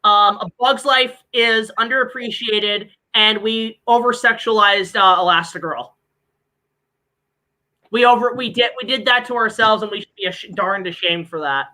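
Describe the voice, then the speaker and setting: Bright, joking woman stream host. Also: medium pitch, moderate pace, rough recording. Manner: joking, rambling, swears. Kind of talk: casual chat.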